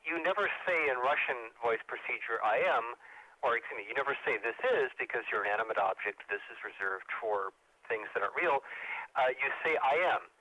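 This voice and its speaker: A man's voice: mid-range voice, brisk, pushed and bright, poor audio. A man, a ham radio operator, chatting casually on an amateur radio net in a rambling way with frequent filler sounds. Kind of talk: casual on-air chat over amateur radio.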